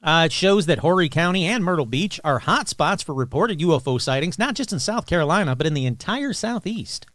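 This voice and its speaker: A man with a fairly high, lively voice reads paranormal news for his podcast and keeps breaking in with offhand, joking remarks. The sound is dry and close, with no room around it. His talk is loose and casual, full of quick reactions. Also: dry recording. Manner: reads news items aloud with joking asides. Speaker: podcast host. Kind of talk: casual news reading and commentary.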